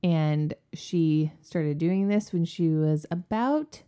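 A woman in her thirties, a podcast cohost, chatting casually and telling stories in an animated way. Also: sits low, slow, smooth. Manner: animated storyteller. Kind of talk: casual chat.

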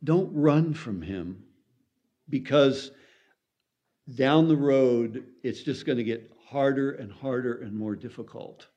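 Slow, earnest male preacher. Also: medium pitch, dark tone. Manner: earnest, deliberate, emphatic. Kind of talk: sermon. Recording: dull lo-fi recording.

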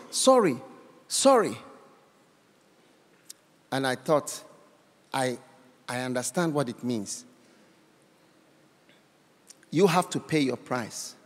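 High, lively impassioned male preacher. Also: big-room sound. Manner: repetitive, exhorting, speaks in tongues. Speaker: guest preacher. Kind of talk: impassioned altar-call sermon. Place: large church hall.

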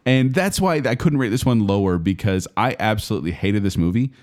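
Lively low-voiced man ranting. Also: a little fast. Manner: animated, opinionated, ranting about movies. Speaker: podcast co-host. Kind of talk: casual chat. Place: studio with headphones.

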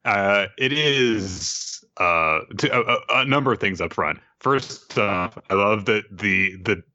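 Brief: male co-host, very low and bright-edged voice, measured delivery, lo-fi mic. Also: lively intonation. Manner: measured, chuckles, steers the show. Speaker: podcast co-host. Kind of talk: casual manga discussion. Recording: dull lo-fi mic.

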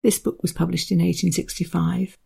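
Gravelly husky woman chatting through a book, reads bits out. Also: lowish voice, little pitch movement, a little fast, dark tone. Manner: conversational, explanatory. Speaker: book reviewer. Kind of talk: book review with read extracts.

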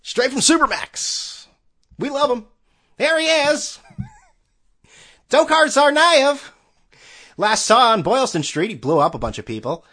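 A man's voice: extremely high pitch, very animated, takes it slowly, pauses often, sharp tone, voice pushed up, heavily acted. A man doing an impression of a chipper male baseball radio announcer with an exaggerated broadcaster cadence. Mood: mock-cheerful.

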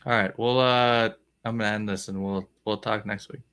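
Bright-voiced man giving easy replies. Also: on the low side, fairly even intonation, normal speed, clear, resonant tone. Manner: short agreeing replies and easy laughter. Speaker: podcast host. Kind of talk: casual chat.

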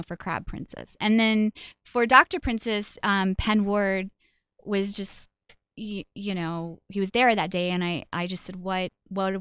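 A woman's voice: medium pitch, a bit bright, clear, resonant tone, no room sound, lo-fi sound. A woman comedian and voice actor chatting in an interview, telling stories in a self-deprecating way with laughs along the way. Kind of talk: casual interview chat.

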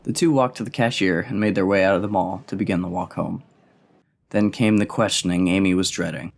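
A man reading a novel aloud in a steady, even narrating voice. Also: deep voice, fairly quick, gravelly. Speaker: audiobook reader.

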